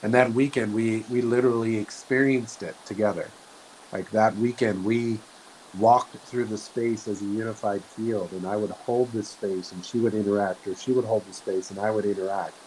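Low-voiced guy musing softly about spiritual stuff, slow and earnest, faint hiss behind. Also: fairly even intonation, low-quality recording. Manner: slow, soft-spoken, earnest, with frequent restarts. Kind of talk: reflective spiritual talk.

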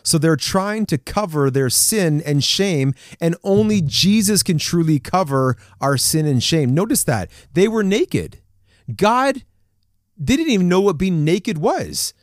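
A man's voice: a little high, a little slow, dry recording, studio quality. A young man preaching a casual sermon, acting out the scripture figures and laughing now and then. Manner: animated, acts out scripture figures, chuckles.

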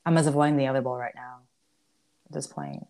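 A woman in her twenties hosts a podcast in a rumbling low, mellow voice, talking fast and very animatedly. The casual chat is candid and full of swearing, laughter and many restarts.

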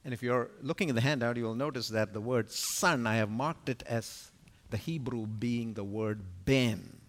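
A man giving an expository Bible teaching at a conference, emphatic and full of rhetorical questions, his loudness rising and falling sharply. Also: medium pitch, normal speed. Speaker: conference speaker teaching scripture. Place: conference venue.

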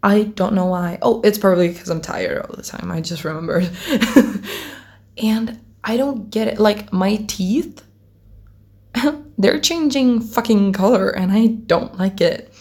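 A woman's voice: medium pitch, measured pace, a little mellow. A teenage girl chatting casually to camera as a vlogger, rambling, giggling often and swearing offhandedly. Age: teens.

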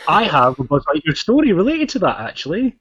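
A young Scottish man telling animated stories in a casual podcast chat, full of ums and restarts. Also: a little high, brisk, breathy edge. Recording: dull lo-fi podcast audio.

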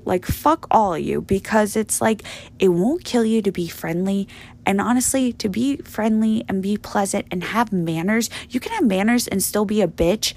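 Blunt, gravelly-voiced woman podcaster. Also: medium pitch. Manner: blunt and profane, filler-heavy rambling. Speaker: podcast host. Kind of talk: casual monologue.

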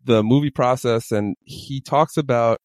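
A man's voice: medium pitch, measured pace, a little mellow, no echo, studio quality. A man co-hosting a podcast, chatting about a film in a playful, rambling way. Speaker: podcast co-host. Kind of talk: casual film chat. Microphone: desk microphone.

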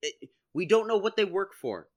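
A man co-hosting a casual comedic debate, animated and laughing often as he argues his side. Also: high-pitched, moderate pace. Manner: animated, laughs often, quotes people in put-on voices. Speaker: podcast co-host.

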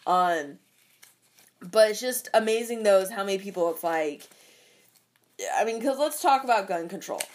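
A woman's voice: mid-range voice, expressive, normal speed, long pauses. Young woman venting, swears a lot, rambling with fillers, casual rant. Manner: profane, rambling, lots of fillers.

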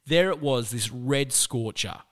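An Australian man telling a personal story in a chatty, animated way, with lots of "like" fillers. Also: mid-range voice, measured pace.

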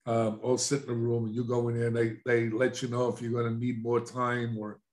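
A man's voice: mid-range voice, monotone, fairly quick, a little mellow. An older man talks plainly as an interview guest. He recounts events in a casual way, voicing the lines of the people involved. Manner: plainspoken, recounts with quoted dialogue. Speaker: guest, addiction counselor.

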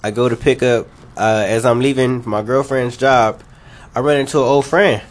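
Brief: male podcast co-host, mid-pitched voice, relaxed rambling storyteller, swears freely. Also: normal speed. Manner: laid-back, profane, rambling anecdotes. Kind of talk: casual storytelling chat.

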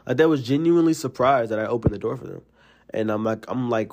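A man with a Southern US accent from Alabama, hosting a casual solo podcast and telling rambling, animated stories full of fillers. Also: mid-range voice, moderate pace, pauses often. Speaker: podcast host.

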